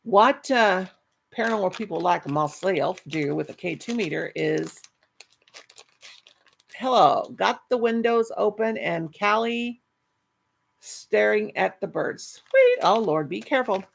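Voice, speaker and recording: Gravelly-voiced woman chatting on a live stream. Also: medium pitch, unhurried. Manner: chatty, affectionate, rambling with restarts. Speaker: channel host reading live chat. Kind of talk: casual live-stream chat.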